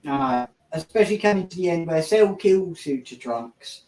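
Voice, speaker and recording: A man's voice: on the high side, lively intonation, normal speed, darkish tone. A man hosting a casual podcast chat, laid-back and rambling with chuckles. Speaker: podcast host. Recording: roomy echo.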